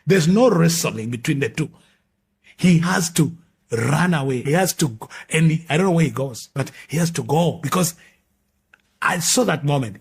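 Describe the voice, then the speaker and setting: A middle-aged male pastor, giving his testimony as an emphatic storyteller who swings between loud and hushed. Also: mid-range voice. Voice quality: very husky. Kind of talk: testimony sermon.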